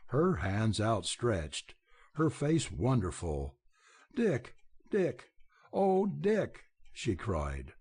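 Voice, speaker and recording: A man narrates a western novel in a slow, unhurried reading. His voice has a husky grain, and his pitch rises and falls with lively expression. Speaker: audiobook narrator. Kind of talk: scripted narration.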